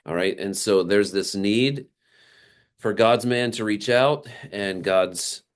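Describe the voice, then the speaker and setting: A man preaching a sermon, animated and acting out the people he quotes, with frequent small laughs. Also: lowish voice, takes it slowly. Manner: animated, acts out quoted characters, laughs often. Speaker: pastor.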